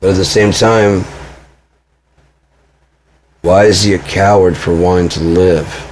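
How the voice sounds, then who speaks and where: A man's voice: deep voice, fairly even intonation, slow pace, a little mellow, a little hiss or hum. A man telling a personal story in an agitated, profane monologue with many restarts. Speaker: vlogger.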